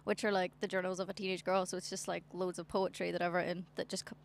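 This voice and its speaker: A woman's voice: fairly low pitch, little pitch movement, quick pace, vocal fry. Young northern irish woman chatting in an interview outdoors, giggly, trails off a lot. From Northern Ireland. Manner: chatty, laughs often, trails off. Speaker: singer-songwriter guest. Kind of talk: casual interview chat. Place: outdoor balcony.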